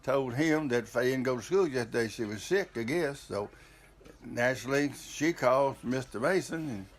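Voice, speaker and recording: A man's voice: mid-range voice, expressive, moderate pace, a little hiss or hum. An older man, telling a family story in a rambling, casual way with frequent restarts.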